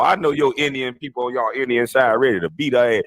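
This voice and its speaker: A man giving profane, mocking reaction commentary on a podcast. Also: fairly quick. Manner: mocking, animated, mimics in shrill shouts. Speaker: podcast co-host.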